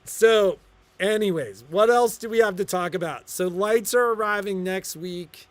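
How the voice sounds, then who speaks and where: A man's voice: high voice, unhurried, no echo. A middle-aged man co-hosting a shop livestream, telling stories in casual chat and acting out the dialogue. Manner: animated storyteller, acts out quoted dialogue. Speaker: shop co-owner and livestream host.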